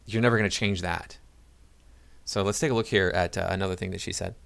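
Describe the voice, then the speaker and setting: A man's voice: sits low, fairly even intonation, quick pace, vocal fry, a bit bright. A man giving casual reaction commentary to his viewers, rambling with many fillers and restarts. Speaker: video commentator.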